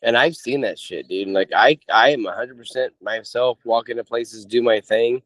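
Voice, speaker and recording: A man's voice: medium pitch, moderate pace, fairly bright tone, no echo. A man talking bluntly as a podcast guest, swearing heavily and sounding defiant. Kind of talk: casual podcast chat.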